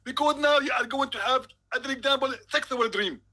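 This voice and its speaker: A man's voice: very high-pitched, a little fast, sharp tone, voice pushed up, heavily acted. A man voicing a smug, insistent male preacher on a call, talking emphatically and pompously. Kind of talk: comedic impression.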